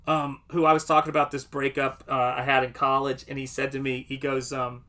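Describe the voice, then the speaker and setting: Bright-voiced man, chatty storyteller. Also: medium pitch, fairly quick. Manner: animated storytelling, acts out quotes. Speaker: comic artist streamer. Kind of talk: casual livestream chat.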